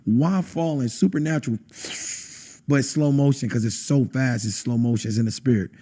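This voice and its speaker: A man, a podcast guest telling an intense personal testimony and acting out quotes with sudden high bursts. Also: a little fast, dark tone. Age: adult, has a wife. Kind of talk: emotional testimony in conversation.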